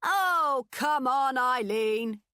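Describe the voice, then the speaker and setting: A woman's voice: on the low side, very animated, moderate pace, no echo, clean studio sound. A woman voicing a bold, blunt young woman friend who teases in a sing-song way. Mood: teasing.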